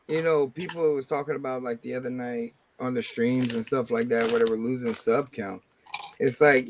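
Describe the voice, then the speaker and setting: A Cajun-accented man hosts a casual livestream, rambling from story to story and cracking crude jokes. His voice sits at an ordinary middle pitch. Faint background noise runs under the talk. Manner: rambling, joking, crude humor. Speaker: livestream host.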